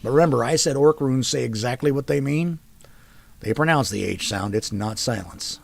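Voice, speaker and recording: A man's voice: mid-range voice, normal speed, vocal fry. Man as a big scarred elf brother. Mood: patient. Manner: patient, tutoring, teasing. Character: big scarred male elf, warm teasing older brother.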